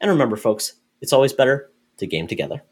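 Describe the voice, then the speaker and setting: A man's voice: mid-range voice, big pitch swings, quick pace, slight background noise. A man hosting a casual gaming podcast, joking and plugging the show at the close. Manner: jokey, wraps up with plugs. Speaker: podcast host. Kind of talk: casual chat.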